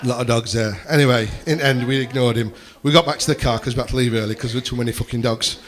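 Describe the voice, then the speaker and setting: A man's voice: mid-range voice, steady tone, fast talker, background noise. A man doing a rambling stand-up set, swearing freely and chatting with the crowd from a comedy club stage.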